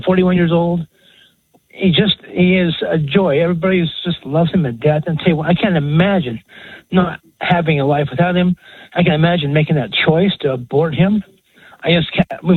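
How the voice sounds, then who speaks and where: A man's voice: on the high side, fairly quick, slightly rough, no echo. Emotional older male caller on the phone. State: choked up with emotion. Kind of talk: phone-in call. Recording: phone line.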